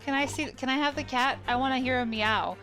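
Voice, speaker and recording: A woman with a fairly high voice making casual, chatty asides as she plays through a story game. She laughs easily between remarks, and loud game music runs underneath. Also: fairly quick. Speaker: let's play host. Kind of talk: casual gaming commentary.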